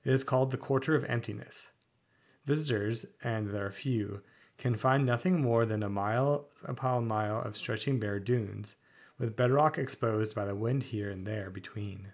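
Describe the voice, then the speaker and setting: A man co-hosting a tabletop podcast, reading fantasy lore aloud at a measured, slightly halting pace. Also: medium pitch. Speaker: podcast co-host.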